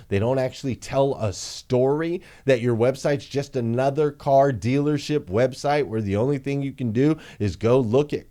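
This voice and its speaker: An energetic male coach delivers a motivational business lesson in a mid-pitched voice. He hammers his points home with emphatic repetition and pushes listeners to act. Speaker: dealership marketing coach. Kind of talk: motivational business training talk.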